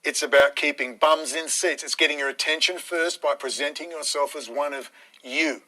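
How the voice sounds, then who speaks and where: A man's voice: fairly high pitch, fairly even intonation, moderate pace, sharp tone, rough recording. Blunt, combative man ranting. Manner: blunt, combative, swearing, mocking voices. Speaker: live streamer. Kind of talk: ranting monologue on a live stream.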